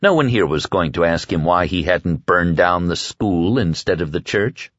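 Expressive low-voiced male audiobook narrator. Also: moderate pace, no echo. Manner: lively, expressive. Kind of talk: scripted narration. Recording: dull, dry lo-fi recording.

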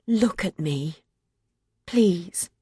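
A woman voicing a gentle, calm young man near death, murmuring softly in an audiobook. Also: lowish voice, drawn-out words, slightly rough, dry recording, studio quality, voice pushed down, full character voice. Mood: pleading soft. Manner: soft murmuring, near whisper. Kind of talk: audiobook character voice.

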